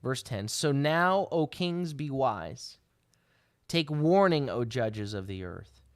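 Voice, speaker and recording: A man teaching as a rabbi at a middle pitch, walking through scripture verse by verse. He checks in with his listeners again and again and builds to emphatic calls to action. The recording is close and dry. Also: expressive, slow, dry recording. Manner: explains verses with frequent "right?" and restarts, rising to emphatic exhortation. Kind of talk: sermon teaching.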